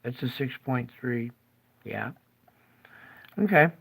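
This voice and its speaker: Man, host, gravelly voice, middle pitch, tired, rambling casual commentary. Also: animated, slow pace. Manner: rambling, jokey and self-interrupting. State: tired, yawning. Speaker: show host. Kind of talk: casual commentary over maps.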